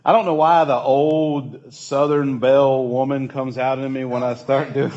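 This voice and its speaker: A man's voice: mid-range voice, steady tone, a little slow, a little mellow, lo-fi sound, slight background noise. A man leading a casual church youth group talk, chatty and asking the group questions.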